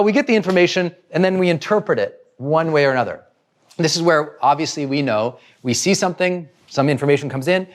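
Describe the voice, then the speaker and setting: A man giving a motivational talk as a personal growth trainer, animated and asking rhetorical questions. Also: fairly high pitch. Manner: animated, asks rhetorical questions and acts out examples.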